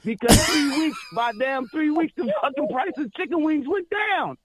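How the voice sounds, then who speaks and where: A man's voice: very high voice, expressive, normal speed, noisy background. A man co-hosting a podcast, telling profane, joking stories. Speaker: podcast co-host. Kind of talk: casual chat.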